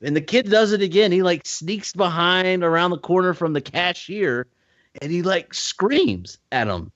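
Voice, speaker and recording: A man co-hosting a podcast, telling a story with animated voices and laughter. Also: high-pitched, unhurried, dry recording, dull audio. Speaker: podcast co-host. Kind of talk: casual storytelling chat.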